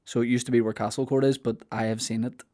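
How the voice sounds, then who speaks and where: A man's voice: mid-range voice, level tone, fast, dark tone. A man with a Belfast accent chatting casually on a podcast, rambling and joking and acting out silly voices. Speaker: podcast host. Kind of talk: casual comedic chat.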